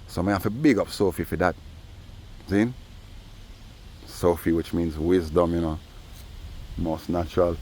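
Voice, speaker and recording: A man's voice: mid-range voice, darkish tone. A man, rambling through a casual vlog monologue outdoors and tossing in "you know" every few phrases. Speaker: vlogger. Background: faint traffic noise.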